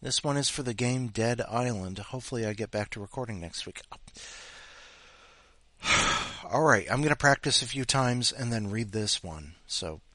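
A man's voice: medium pitch, moderate pace, bright, forceful tone, no room sound. A man hosting a podcast, chatting casually with rambling asides and reading a listener's story cold. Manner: rambling, mumbly asides, talks to his dog. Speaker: podcast host.

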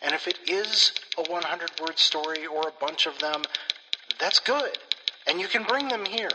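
A man's voice: a little high, moderate pace. A man hosting a weekly writing podcast, talking casually with wandering, self-deprecating asides. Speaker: podcast host. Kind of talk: casual, rambling podcast talk. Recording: long hall reverb, loud hiss. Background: typewriter loop.

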